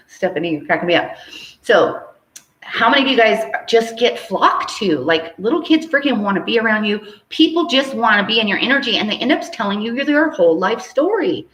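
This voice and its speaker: A woman hosting a casual live stream, teaching and reading out viewer comments, chatty and quick to laugh. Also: a little high, lively intonation, fairly bright tone. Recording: roomy echo.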